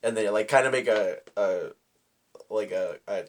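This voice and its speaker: Young man with halting, sweary storytelling. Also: lowish voice, a crowd in the background. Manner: profane, halting, drawn-out storytelling. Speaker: podcast co-host. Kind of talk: casual chat.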